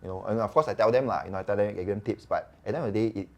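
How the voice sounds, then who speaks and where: A man's voice: on the low side, rapid-fire, vocal fry. A man with a Singaporean English accent, a doctor guest telling stories in a casual chat, acting out the dialogue as he goes. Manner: chatty, animated, acts out quoted dialogue. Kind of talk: casual podcast storytelling.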